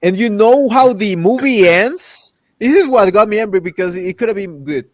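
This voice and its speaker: A man hosting a casual chat, ranting in an animated way and acting out characters' lines with exaggerated voices. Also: high voice, normal speed, dry recording. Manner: loose, repetitive restarts while ranting. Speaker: podcast host.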